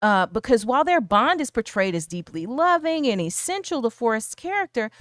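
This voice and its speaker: A chatty woman with a fairly high voice co-hosts a film discussion from home. She talks casually and leans on fillers as she works through prepared questions. Her voice is close and dry, with hardly any room sound. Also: big pitch swings, fairly quick, no echo. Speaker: co-host of a film discussion stream.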